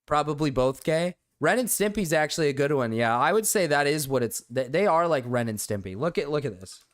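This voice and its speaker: Joking streamer man, a bit high. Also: lively intonation, fairly quick, no echo, clean studio sound. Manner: loose and joking, reads chat aloud, swears casually. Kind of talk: casual live-stream chat with viewers.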